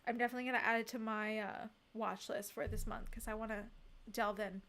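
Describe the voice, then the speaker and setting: A woman streamer chats casually on a livestream and reads messages from the chat. Her voice sits on the high side and moves briskly, emphatic and expressive, with frequent laughter.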